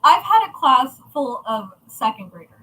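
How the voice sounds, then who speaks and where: Bright, high-voiced woman chatting bluntly. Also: sing-song, normal speed, husky, low-quality recording. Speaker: crafting channel host. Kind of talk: casual chat to viewers.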